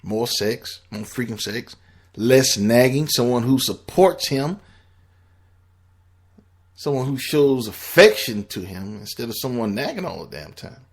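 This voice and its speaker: A man's voice: mid-range voice, animated, measured pace. A man giving blunt, profane relationship advice in a casual, rambling monologue.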